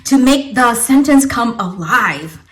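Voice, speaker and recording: A woman's voice: on the high side, lively intonation, slow. A young woman from Vietnam teaching an English lesson in a casual, encouraging way, checking in with "okay?" and "right?" after many phrases.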